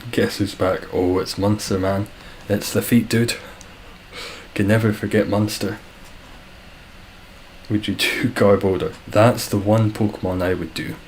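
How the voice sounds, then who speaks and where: A man's voice: lowish voice, fairly even intonation, unhurried, pauses often, slight background noise, rough recording. A Scottish man chatting casually on a live stream, reading out viewer comments with dry, self-deprecating humour. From Scotland.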